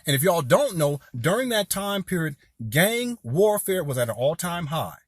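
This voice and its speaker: A man in his forties from Southern California speaks straight to his viewers in a fired-up, rambling monologue and keeps calling them "y'all". His voice sits fairly high and has a husky grain. The recording is close and dry. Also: sing-song, normal speed, no echo. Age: 40s. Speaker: video commentator. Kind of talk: impassioned direct-to-camera commentary.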